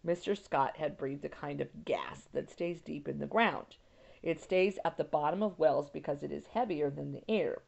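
A woman teacher reading a novel chapter aloud and pausing to explain it, unhurried. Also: low-pitched, gravelly, a little mellow, highs cut off.

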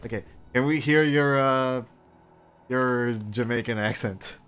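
A man's voice: medium pitch, unhurried, a crowd in the background. A man streaming a game while chatting casually, rambling and swearing now and then.

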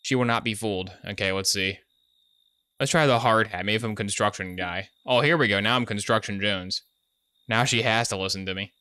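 A man's voice: lowish voice, moderate pace, pushed and bright, smooth, dry recording. A man giving casual, goofy commentary while streaming a game, joking as he plays from a home setup. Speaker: gaming streamer.

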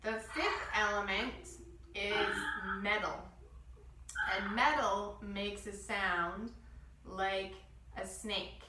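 A woman guiding a children's yoga class, giving gentle step-by-step instructions and demonstrating breath sounds. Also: medium pitch, extremely slow, roomy sound, distant mic, slight background noise, rough recording. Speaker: kids yoga teacher.

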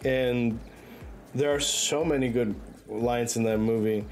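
Male streamer, relaxed unhurried chatter, giggly and rambling, soft game music underneath. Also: medium pitch. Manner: rambling and laughing often. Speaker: livestreamer. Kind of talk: loose casual chat while gaming. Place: own bedroom.

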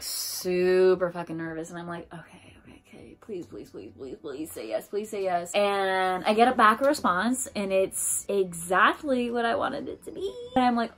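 Animated, swearing young woman storyteller. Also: mid-range voice. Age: 20s. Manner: animated, profane, acts out her own past thoughts in quick asides. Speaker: vlogger. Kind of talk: casual storytelling monologue.

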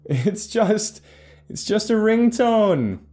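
A man voicing a reckless young friend exploring a mine, loud, mocking and laughing. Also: mid-range voice, brisk, voice pushed up, natural voice.

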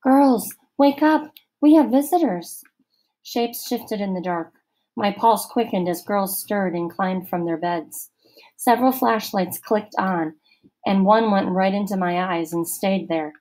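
A woman narrating a children's novel aloud in an expressive storytelling manner. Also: medium pitch, measured pace, low-quality recording. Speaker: audiobook reader.

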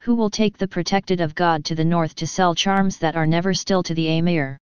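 A woman's voice: fairly low pitch, steady tone, moderate pace, clean tone, dry recording, highs cut off, close to an everyday voice. A woman doing a ranting mad priest. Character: Englishman disguised as a mad, ranting wandering priest.

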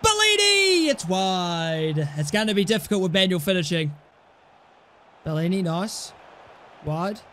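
A young man commentating his own football video game play, swinging from low mumbled asides to loud, shouted goal calls. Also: steady tone, measured pace, long pauses, a little hiss or hum. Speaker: gaming YouTuber. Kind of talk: excitable gameplay commentary.

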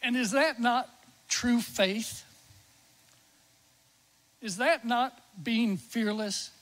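A middle-aged man, a chaplain preaching in church, telling a story that drops to a hush when he quotes a dying man. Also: very high voice, extremely slow, low-quality recording. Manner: tells the story warmly, drops to a near-whisper when quoting the dying man. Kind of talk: sermon storytelling. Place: church sanctuary.

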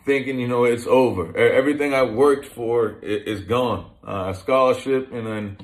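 A man's voice: medium pitch, moderate pace. A man in his thirties, a former pro football player, telling his life story in a conversational way, with many restarts. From Massachusetts, USA. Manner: conversational, with frequent restarts and fillers. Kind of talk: personal storytelling talk.

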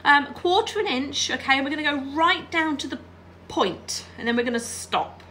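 A woman's voice: sits high, lively intonation, normal speed, pushed and bright, a little hiss or hum. A woman giving a chatty hands-on quilting tutorial while she irons and sews, often checking in with her viewers. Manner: chatty, checks in with "all right?". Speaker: quilting teacher.

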